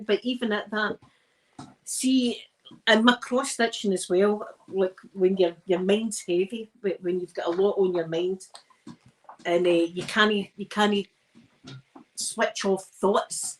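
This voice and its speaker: A woman's voice: mid-range voice, poor audio. A tired Scottish woman chatting casually while ironing on a livestream, rambling and self-mocking between yawns. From Scotland. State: tired and yawning. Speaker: ASMR livestream host.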